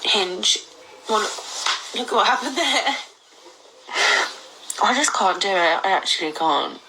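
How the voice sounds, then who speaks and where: A woman's voice: medium pitch, expressive, slow, heavy background noise. A young woman in her twenties, crying while rambling and swearing in a casual vlog at home. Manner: swears often, rambling, tearful. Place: indoors at home.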